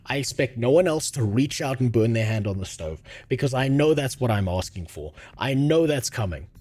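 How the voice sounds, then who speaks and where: Speaking at a moderate pace, a South African man uses lively intonation in a mid-range, slightly mellow voice. It's a casual livestream where he reads chat aloud and talks with viewers, laughing often and joking in a crude, sarcastic way.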